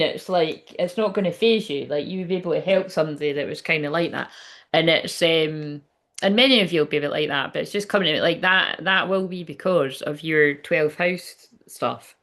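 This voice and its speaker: A woman's voice: lowish voice, fairly bright tone. A woman, hosting a casual livestream as a psychic medium, chatty and rambling, swearing and laughing as she goes.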